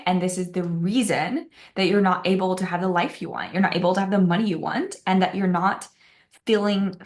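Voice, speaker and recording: A young woman hosting her own podcast, talking candidly and confessionally with frequent "like" fillers. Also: lowish voice. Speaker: podcast host. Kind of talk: casual solo podcast talk. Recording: roomy echo.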